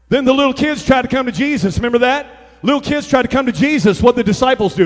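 High-voiced preacher with an echoing hall sound. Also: male voice, fast talker. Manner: animated, builds from chatty asides to shouting. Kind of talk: comic sermon storytelling.

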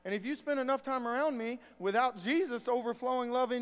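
High-voiced preacher in a reverberant church. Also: male voice, a little fast, a bit bright, clean tone, dull audio. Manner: folksy, joking storyteller. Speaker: pastor. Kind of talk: sermon.

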